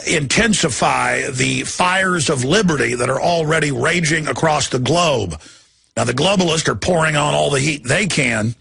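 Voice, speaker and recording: A man hosting a radio show, delivering a fiery ranting monologue with shouting and growling outbursts. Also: a little high, vocal fry, husky. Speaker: radio host.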